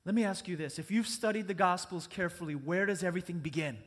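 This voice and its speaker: A man's voice: sits high, fast, a bit bright. A man preaching a sermon as pastor, earnest and conversational, speaking in a church sanctuary. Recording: long church reverb.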